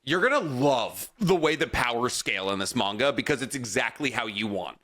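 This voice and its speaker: A man's voice: mid-range voice, animated, brisk, fairly bright tone. A man co-hosting a casual podcast, joking and swearing freely as he chats. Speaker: podcast co-host.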